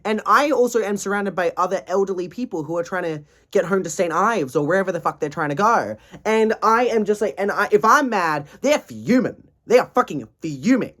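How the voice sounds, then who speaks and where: A man's voice: high voice, lively intonation, a little fast, few pauses, fairly bright tone. Tired twenty-something guy ranting on his vlog, swears a lot, voice jumps all over. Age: 20s. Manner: profane, rambling, dramatic. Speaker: vlogger. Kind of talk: casual video diary rant.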